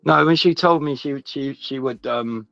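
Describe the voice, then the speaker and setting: A man telling a personal story in casual chat, halting and restarting often. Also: mid-range voice, gravelly, fairly bright tone, no room sound. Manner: rambling, halting, many restarts. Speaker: guest. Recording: dull lo-fi sound, faint music behind.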